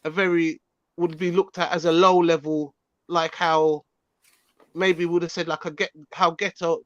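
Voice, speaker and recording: A man's voice: fairly high pitch, flat delivery, normal speed, fairly bright tone, no echo, dull audio. A man from England with a London Cockney accent, chatting casually in a group discussion with frequent restarts. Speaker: discussion participant.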